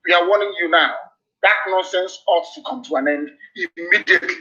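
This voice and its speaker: Forceful man in a fiery broadcast. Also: sits high, fairly quick. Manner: forceful, repetitive warnings. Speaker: political broadcaster. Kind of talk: fiery live radio address. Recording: dull lo-fi broadcast audio.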